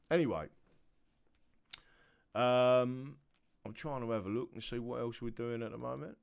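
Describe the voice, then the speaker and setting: A tired man hosting a casual livestream, rambling and chatty, often trailing off into low muttering. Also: fairly even intonation, unhurried, vocal fry, pauses often, no room sound. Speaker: livestream host.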